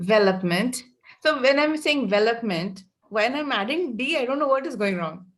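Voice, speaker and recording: A woman's voice: sits high, lively intonation, a little fast. A woman practising pronunciation over a video call, hesitant and repeating a word with fillers as she tries it again. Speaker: learner.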